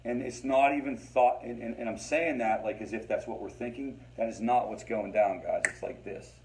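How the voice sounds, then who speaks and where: A man's voice: mid-range voice, normal speed, background noise. Man leading a recovery support group. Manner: conversational, repeats phrases, addresses listeners as guys. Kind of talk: informal teaching talk to a support group.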